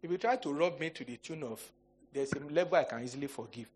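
A man's voice: on the high side, quick pace, breathy edge. A male pastor preaching a sermon, telling humorous stories and acting out quoted voices. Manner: animated storytelling, jokes and mock quotes.

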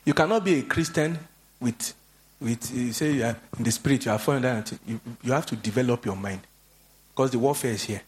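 A man preaching a sermon, telling stories animatedly and acting out the voices of the people he quotes. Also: fairly quick. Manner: animated storytelling, acts out quoted voices in a high pitch.

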